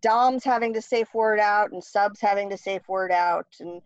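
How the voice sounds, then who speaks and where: A woman's voice: mid-range voice, moderate pace, dry recording. Woman guest author, wry and blunt, muffled dry recording. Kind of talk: casual interview chat. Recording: dry, dull lo-fi sound.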